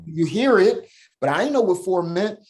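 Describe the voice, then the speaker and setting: A man guesting on a podcast, talking casually in an animated, slangy way and punctuating his points with "right?". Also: high-pitched, normal speed. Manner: slangy, emphatic, laughs while telling stories. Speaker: podcast guest, founder of a men's program. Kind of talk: animated storytelling, casual talk.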